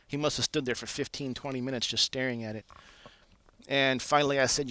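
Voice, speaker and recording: A man with an ordinary mid-range voice tells a long anecdote in a loose, chatty way. He fills his pauses with "uh" and jokes at his own expense, the easy manner of an engineer talking shop. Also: medium pitch. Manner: relaxed, self-deprecating, lots of "uh" fillers. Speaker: aircraft engineer. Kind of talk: casual anecdotal storytelling.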